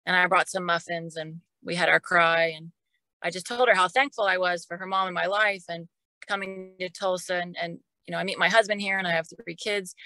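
A middle-aged woman tells a personal story as a guest on a podcast. Her voice is bright and clear, recorded dry and close with little room sound. She talks in an emotional, casual way and often repeats words as she goes. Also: lowish voice, little pitch movement, fairly quick, no room sound, poor audio. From Oklahoma.

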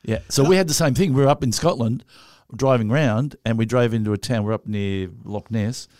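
A man's voice: medium pitch, a little fast, a little mellow, dry recording, studio quality. A man chatting casually, asking questions and retelling scenes. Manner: asks lots of questions, retells film scenes. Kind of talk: casual chat.

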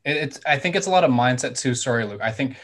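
A man's voice: medium pitch, expressive, fast, a bit bright. A man on a casual sports panel, analytical and hedging his points with "I think". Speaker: hockey podcast panelist.

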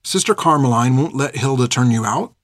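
A man's voice: mid-range voice, expressive, a little fast, no echo, studio quality, lightly acted. A man voicing a worried young man who urges and reasons earnestly. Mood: urging. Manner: earnest, urging.

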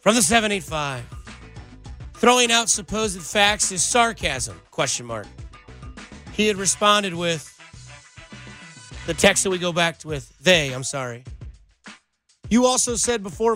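A man's voice: high voice, lively intonation, normal speed, long pauses, bright, forceful tone, faint music behind. A male sports radio host talking with a sarcastic, riled-up edge.

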